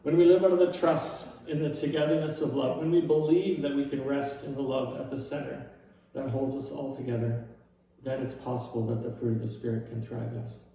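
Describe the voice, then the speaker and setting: Man preaching a relaxed sermon. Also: medium pitch, a little fast, very echoey, recorded from a distance, slight background noise, poor audio. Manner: casual and self-deprecating, with frequent "right?" asides. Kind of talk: conversational sermon.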